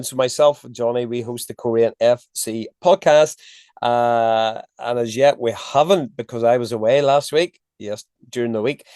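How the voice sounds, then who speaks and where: A man, a sports editor guesting on a podcast, friendly and a little halting. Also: medium pitch, darkish tone, no room sound, studio quality. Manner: friendly, halting with fillers and restarts. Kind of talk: casual podcast chat.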